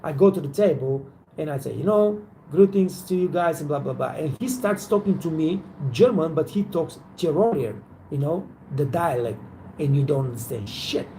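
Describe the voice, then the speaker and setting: Gravelly-voiced man rambling in a live Q&A. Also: on the high side, expressive, moderate pace, warm tone, a little hiss or hum, poor audio. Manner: rambling, repetitive, swears freely. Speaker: waiter trainer hosting a live Q&A. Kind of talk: casual live Q&A chat.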